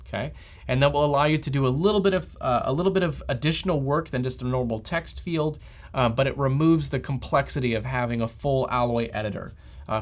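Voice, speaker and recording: A man teaching a front-end developer lesson as a screencast, talking steadily and checking in with a frequent "okay?". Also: mid-range voice. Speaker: developer trainer. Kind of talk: software screencast tutorial.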